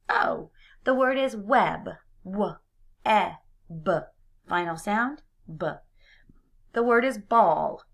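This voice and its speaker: A woman teacher leading a phonics lesson for young children, saying words slowly and clearly, sound by sound. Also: medium pitch, pushed and bright. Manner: slow, clearly enunciated drilling of words and sounds.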